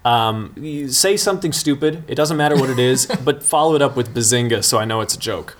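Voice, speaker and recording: A man's voice: medium pitch, a little fast, a little hiss or hum. A man hosting a comedy table read, wry and self-deprecating, casting players and reading stage directions. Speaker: comedy writer and host. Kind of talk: improv comedy banter.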